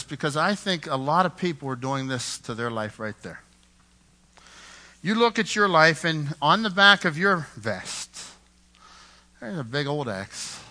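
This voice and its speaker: A man preaching a sermon, impassioned, rising to loud emphasis and dropping to a hush, repeating words as he builds a point. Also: a little high. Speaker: pastor.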